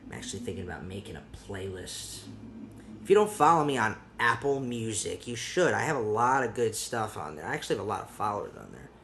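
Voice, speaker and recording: A man's voice: on the low side, very animated, fast talker, fairly bright tone, a little hiss or hum. A man hosting a solo podcast in casual chat, rambling with restarts and casual swearing. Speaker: podcast host.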